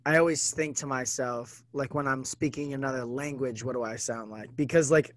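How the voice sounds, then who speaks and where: A man's voice: mid-range voice, fairly even intonation, moderate pace, no room sound. An American man hosting a podcast, asking questions in a casual, rambling way with many fillers. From United States. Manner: rambling, filler-heavy, curious. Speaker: podcast host. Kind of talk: casual conversation.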